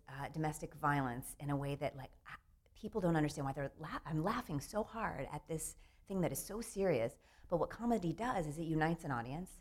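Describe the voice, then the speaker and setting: Lady writer, low voice, laughs a lot, talks in bursts. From Southern United States. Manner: animated, laughing, quick restarts. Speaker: playwright guest. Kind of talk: casual interview chat.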